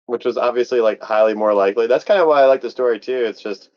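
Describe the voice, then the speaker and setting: A man's voice: mid-range voice, fast, muffled recording. A man co-hosting a podcast in casual chat, laid-back and agreeable. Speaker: podcast co-host.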